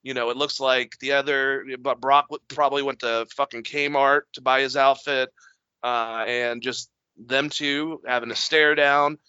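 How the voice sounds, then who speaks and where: Bright-voiced man recapping wrestling casually. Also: medium pitch, clean tone, no room sound, muffled recording. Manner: swears freely, talks in long run-on recaps. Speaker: podcast co-host.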